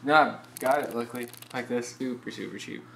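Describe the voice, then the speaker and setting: A young man speaks casually at a middle pitch, low-key and half-mumbled. Steady traffic noise carries across the open street behind him. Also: brisk, vocal fry. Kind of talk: casual chat.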